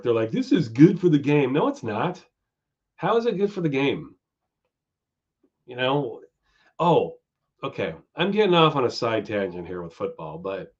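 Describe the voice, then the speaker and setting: A man hosting a live stream, chatting casually with viewers, going off on tangents and swearing freely. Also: medium pitch. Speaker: stream host. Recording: dull lo-fi stream audio.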